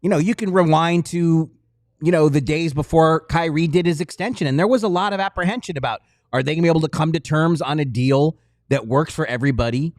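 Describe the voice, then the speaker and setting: A man co-hosting a sports podcast, explaining in a measured, detailed way. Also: a little high, darkish tone, dry recording, clean studio sound. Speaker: podcast co-host. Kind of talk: casual sports podcast analysis.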